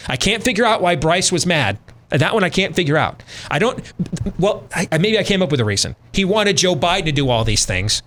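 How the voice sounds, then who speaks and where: A man's voice: sits high, big pitch swings, fairly quick, a bit bright. A middle-aged man hosting a radio talk show, ranting with sarcastic, emphatic commentary.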